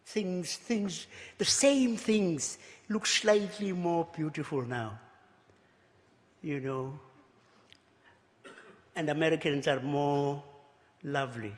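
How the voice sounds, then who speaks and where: Slow-spoken South African man, hall echo. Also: a little high. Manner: halting, repeats words, swings between hushed and exclaiming, chuckling asides. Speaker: archbishop giving award remarks. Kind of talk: after-dinner speech. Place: luncheon banquet hall. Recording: reverberant banquet hall.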